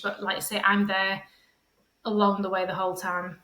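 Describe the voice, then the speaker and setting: A woman's voice: medium pitch, level tone, normal speed, pushed and bright, roomy sound, poor audio. A middle-aged woman, chatting in a casual interview as a home coach, rambling and often tagging on "sort of thing". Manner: chatty, rambling, fond of "sort of thing", acts out quoted voices. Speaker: podcast guest, feng shui and decluttering coach.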